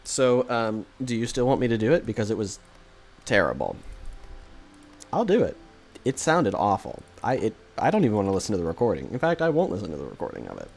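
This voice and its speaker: A man's voice: lowish voice, huge pitch swings, a little fast, gravelly, darkish tone, slightly rough. A man streaming a strategy game, chatting with viewers in a rambling, self-deprecating way with lots of hesitations into a desk microphone. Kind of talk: casual live-stream chat with viewers.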